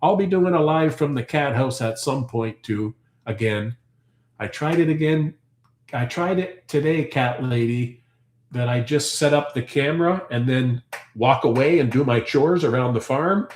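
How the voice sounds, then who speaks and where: A man's voice: medium pitch, unhurried, darkish tone. A Canadian man hosting a farm live stream, talking on and on as he answers viewer comments. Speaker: farm channel host. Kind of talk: casual live-stream chat. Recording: roomy echo.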